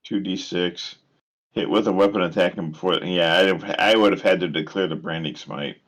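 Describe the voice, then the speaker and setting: A man's voice: deep voice, a little fast, a bit bright. A man playing a tabletop game, chatting casually and musing aloud over his rolls. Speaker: player.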